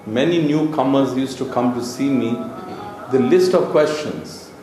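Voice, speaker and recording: A man's voice: mid-range voice, measured pace, a little mellow. Man giving playful spiritual talk, echoey. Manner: playful, laughing, clears throat often. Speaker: spiritual teacher. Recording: very echoey room with music behind. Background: music.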